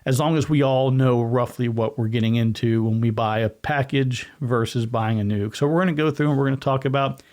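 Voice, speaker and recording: A man hosting his own podcast, chatting on his own in a loose, rambling way. He often corrects himself mid-sentence and talks with his hands. His voice sits at an ordinary middle pitch. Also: steady tone, fairly quick, hardly any pauses, darkish tone. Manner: rambling, self-correcting, conversational; gestures with hands while talking. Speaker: podcast host. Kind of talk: casual solo podcast talk.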